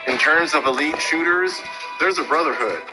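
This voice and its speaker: A man opening a sports interview in an excited, upbeat way. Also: fairly high pitch, moderate pace, over loud music, poor audio. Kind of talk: broadcast interview intro.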